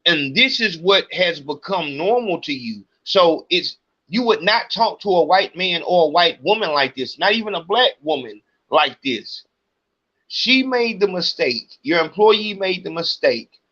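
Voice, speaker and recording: A man's voice: high-pitched, expressive, measured pace, sharp tone, lo-fi sound. A podcast host, a man, venting in an agitated, profane rant to his audience. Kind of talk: ranting monologue.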